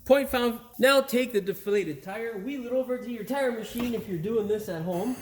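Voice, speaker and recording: A man's voice: high voice, normal speed, over music. A man hosting a car repair tutorial in his garage. He is upbeat, keeps calling viewers "boys and girls," and curses freely when things go wrong. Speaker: host of a car repair channel. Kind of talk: casual how-to tutorial with outtakes. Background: neighbor's air compressor.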